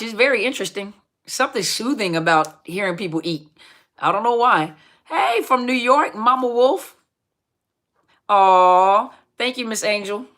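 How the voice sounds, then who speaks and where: With a mid-range, bright and forceful voice, a middle-aged woman hosts a live Q&A about narcissistic abuse. She's casual and cheerful, calling out viewers by name and laughing a lot.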